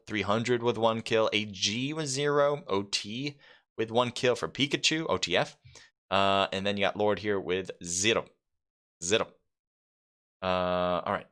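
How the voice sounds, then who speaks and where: A man's voice: fairly low pitch, a bit bright. A man from New York casting a mobile esports event live, reading out team kill counts and talking casually with chat. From New York, United States. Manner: reads scores off quickly, chatty with viewers, many fillers. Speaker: esports caster. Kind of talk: solo live esports commentary.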